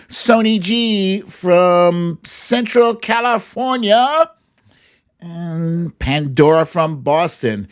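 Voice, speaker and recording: A man's voice: sits high, clean tone. A man hosting a live stream, reading out viewers' greetings with playful, sing-song asides and little hums. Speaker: livestream host. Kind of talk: reading a live chat roll call.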